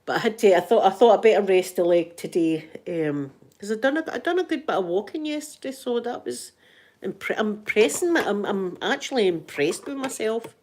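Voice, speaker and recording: A woman's voice: medium pitch, lively intonation, fairly quick, a little mellow. Chatty Scottish woman, rambling and laughing. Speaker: vlogger. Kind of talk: casual chat.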